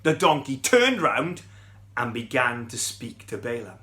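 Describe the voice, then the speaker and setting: A man's voice: mid-range voice, very animated, unhurried, sharp tone. A middle-aged man, telling a Bible story to children in a chatty, playful way and asking them questions.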